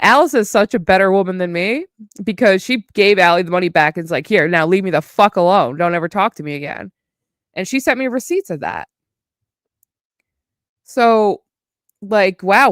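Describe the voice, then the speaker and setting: A woman's voice: medium pitch, a bit bright, no room sound, clean studio sound. A woman streamer ranting on a casual livestream, heated and profane, with a mocking edge.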